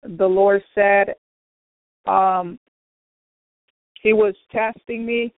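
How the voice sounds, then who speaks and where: Woman testifying slowly and earnestly over a thin, dry phone line. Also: medium pitch, fairly even intonation, no echo. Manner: earnest, repetitive, addresses brothers and sisters. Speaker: radio program speaker. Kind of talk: personal faith testimony.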